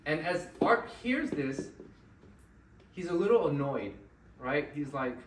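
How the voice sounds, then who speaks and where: Animated male speaker in an echoey room. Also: a little high, slow pace, background noise. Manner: animated, keeps checking in with "right?". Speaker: motivational speaker at an event. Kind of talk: live storytelling to an audience. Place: event venue. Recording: echoey room, mic at a distance, faint ambience.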